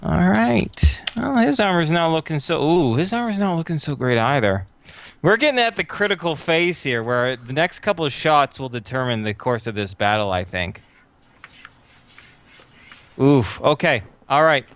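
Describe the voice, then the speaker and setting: A man narrating a tabletop game as game master, thinking aloud with frequent filler pauses. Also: fairly high pitch, lively intonation, fairly bright tone.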